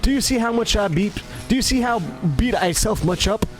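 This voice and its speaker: A man rambling in casual commentary, animated and self-mocking. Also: sits high, normal speed, soft background music. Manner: animated, self-mocking, acts out his own lines. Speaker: gaming commentator.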